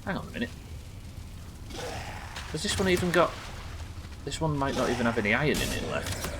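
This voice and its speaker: A man's voice: medium pitch, wildly swooping pitch, a little fast, background noise. A young English man chatting casually and rambling while streaming a game, swearing now and then. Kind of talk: casual live-stream chat while gaming.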